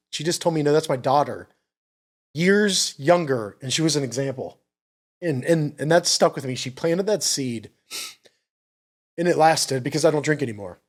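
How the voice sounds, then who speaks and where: A man's voice: fairly high pitch, fairly quick. A middle-aged man, tearful and choked up, giving an earnest faith testimony on his podcast and repeating himself as he speaks. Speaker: podcast host.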